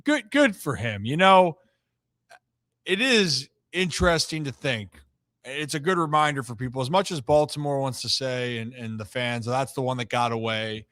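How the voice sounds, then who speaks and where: A man's voice: medium pitch, animated, fairly bright tone, no room sound, studio quality. A man hosting a sports talk show, giving emphatic opinions in casual chat. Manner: opinionated, emphatic, drawn-out stresses.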